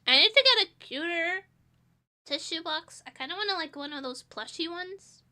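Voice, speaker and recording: A young woman streaming with a high voice and a nasal, sniffly sound from a stuffy nose. She talks in a loose, rambling way and pokes fun at herself. Her tone is bright and clear. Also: animated, moderate pace. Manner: rambling, self-deprecating, laughs often. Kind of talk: casual chat.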